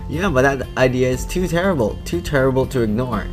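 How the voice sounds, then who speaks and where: Man, mid-pitched, profane, laughs between lines, faint music in the background. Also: expressive, fairly quick, hardly any pauses. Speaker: let's play host. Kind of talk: reading a visual novel aloud with commentary.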